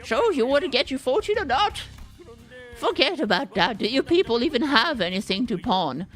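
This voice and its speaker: A woman voicing a gruff, greedy old male pawnbroker who mocks his customers and tags lines with "eh" while reading a game's story aloud. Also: high voice, very animated, a bit bright, faint music behind, pitched above the performer's own voice. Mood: scornful. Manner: gruff, mocking, drawn-out "eh".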